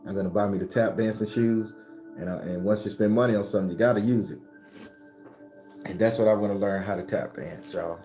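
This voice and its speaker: A man in his forties giving a casual, profane motivational talk as host of his spiritual channel, often climbing to a high excited pitch. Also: a little fast, soft background music. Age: 40s.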